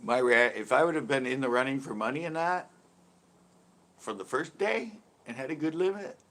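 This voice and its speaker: A man hosting a casual livestream chat, telling a fishing story and reading viewers' questions. He laughs often and gets lively when he quotes other people. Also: medium pitch, normal speed. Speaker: livestream host.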